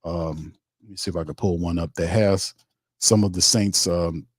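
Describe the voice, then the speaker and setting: A blunt male sports host, talking in a very low voice as he rants about his team. His speech is casual and full of slang, with a cuss word now and then, and he stops to read comments from his viewers. It sounds close and dry, with no room echo. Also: fairly even intonation, normal speed. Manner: reads viewer chat comments aloud.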